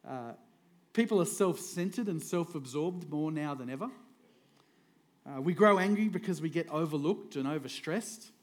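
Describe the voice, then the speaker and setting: A middle-aged pastor giving a light, conversational sermon. His voice sits a bit higher than most men's, and he keeps the mood jokey, chuckling between points. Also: expressive, moderate pace. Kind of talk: humorous sermon.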